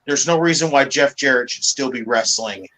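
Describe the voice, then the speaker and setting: A man's voice: medium pitch, moderate pace, fairly bright tone, rough recording. A man ranting emphatically on a casual podcast, swearing often. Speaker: podcast guest.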